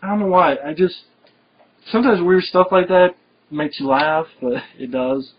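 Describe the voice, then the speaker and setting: A man's voice: high voice, normal speed. Rambling man gushing about a film. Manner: enthusiastic and rambling, with frequent fillers and laughs. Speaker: film reviewer. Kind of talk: casual film review chat. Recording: dull lo-fi recording.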